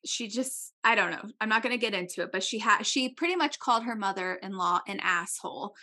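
A woman telling a story in casual chat, acting out the people she quotes with big jumps in her voice. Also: fairly quick. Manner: animated, acts out quotes with big pitch jumps.

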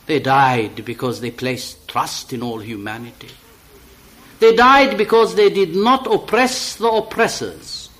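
A man giving an expressive poetry reading, slow and deliberate, rising to loud, high emphatic peaks. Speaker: poetry reader.

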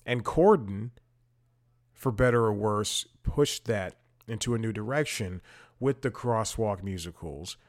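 Male podcast host with a low voice, casual and rambling, easily drifts into side stories. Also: expressive, measured pace. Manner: rambling, digressive, self-amused. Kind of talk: casual talk-show commentary.

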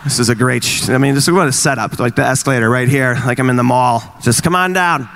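A married man in his forties doing stand-up comedy, teasing the crowd and acting out quick exchanges in wry bits. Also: medium pitch, a bit bright. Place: live venue with an audience.

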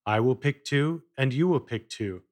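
A man voicing a polite, determined young boy who speaks calmly. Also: medium pitch, moderate pace, close to an everyday voice. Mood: polite, firm. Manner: polite, calm.

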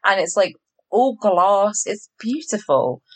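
Chatty woman, animated pitch. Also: takes it slowly. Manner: chatty, swearing, heavy use of 'like'. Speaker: podcast co-host. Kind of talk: casual chat recapping a TV show.

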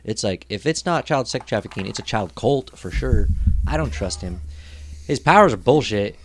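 Animated young man telling stories. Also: lowish voice, moderate pace, noisy background. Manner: animated storyteller, loud outbursts when acting out scenes. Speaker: podcast co-host. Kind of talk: casual chat.

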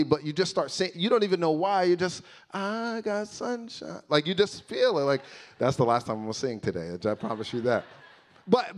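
Man, pastor, lively conversational sermon, joking asides, mid pitch.

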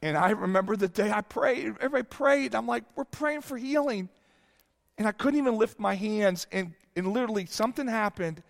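A man in his fifties preaching a sermon, telling a candid personal story that moves from hushed lines to exclaiming ones. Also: sits high, fast talker, vocal fry, few pauses, big-room sound. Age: 50s. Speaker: pastor.

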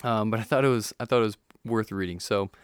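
A man's voice: on the low side, fast talker, smooth, no room sound, studio quality. A man hosting a casual podcast, joking with his co-host and reading a listener's email aloud. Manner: jokey, laughs often, reads listener email aloud.

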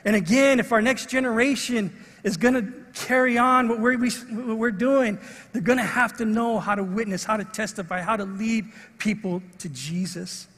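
A middle-aged man preaching a sermon, telling a personal story in an animated way and acting out the voices of the people in it. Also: high voice, normal speed. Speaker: pastor. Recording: long reverb of a large hall.

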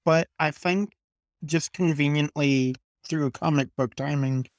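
A man narrating a tabletop game as game master in a slow, measured way. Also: on the high side, fairly even intonation, no echo.

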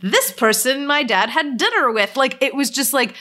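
Bright, chatty young woman podcaster. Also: high-pitched, lively intonation, moderate pace. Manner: chatty, swears freely, lots of fillers. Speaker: podcast co-host. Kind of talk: casual podcast chat.

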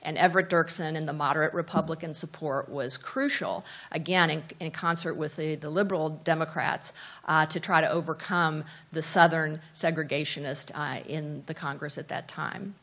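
A middle-aged woman professor speaks at a seminar in a somewhat low voice. She tells an anecdote in a lively way, with fillers and small restarts along the way. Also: moderate pace. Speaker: professor of presidential studies. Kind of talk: seminar talk, storytelling.

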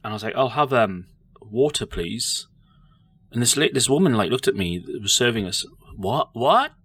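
A British man tells a story with lots of swing in his voice. His tone is bright and forward. He acts out the other people in the story as he goes. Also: fairly low pitch, lively intonation, normal speed, breathy edge. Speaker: quiz participant. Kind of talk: casual chat, anecdote.

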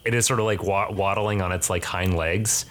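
Low-voiced man running a tabletop game. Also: steady tone, normal speed, fairly bright tone. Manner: hesitant, many fillers and restarts. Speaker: game master.

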